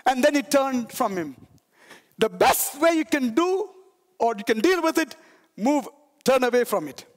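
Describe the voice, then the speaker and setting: A middle-aged man pastor preaching a sermon in a church, often shouting with emphasis and calling the congregation to respond. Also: very high-pitched, sing-song, measured pace, long reverb tail. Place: church sanctuary.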